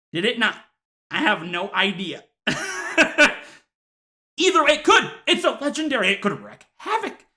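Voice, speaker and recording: A man doing a comedic rant to camera, mock-outraged with deadpan asides, sighs and laughs. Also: sits high. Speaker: YouTuber.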